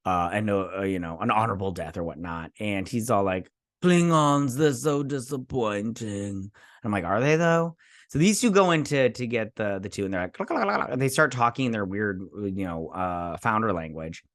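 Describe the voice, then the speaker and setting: A man's voice: fairly low pitch, animated, brisk, a bit bright, dry recording, clean studio sound. A man casually recapping a TV episode, rambling and briefly acting out the characters' lines. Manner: rambling, acting out quotes in passing. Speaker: show recapper.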